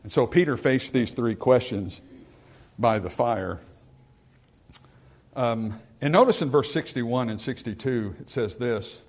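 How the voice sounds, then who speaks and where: A man's voice: a little slow, pauses often. Earnest male preacher. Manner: earnest preaching, rising for emphasis, dropping low and quiet for reflection; reads scripture in old-style phrasing. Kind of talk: sermon.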